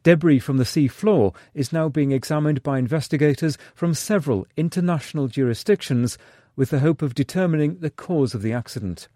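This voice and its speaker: A male correspondent filing a news report in a steady, serious tone. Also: a little high, no echo, clean studio sound.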